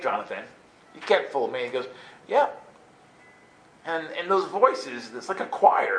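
A man telling a funny personal story in an animated way, jumping into high squeaky voices to act out his younger self. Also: unhurried, pauses often. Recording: roomy echo, faint ambience.

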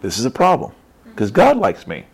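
A man's voice: medium pitch, wildly swooping pitch, moderate pace, vocal fry, darkish tone, breathy edge. A man giving a casual Christian testimony talk, emphatic and repetitive, often tagging his sentences with "right?". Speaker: Christian speaker.

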